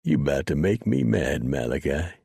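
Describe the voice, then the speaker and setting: A man voicing a blunt, rough frontier mountain man who drawls in backwoods grammar with dry sarcasm. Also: a bass voice, sing-song, normal speed, mellow, no echo, heavily acted. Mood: gruff.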